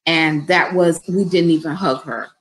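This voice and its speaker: A woman's voice: sits low, a little slow, a little hiss or hum, poor audio. A middle-aged woman business coach talking conversationally and directly to her viewers on a live stream, with features.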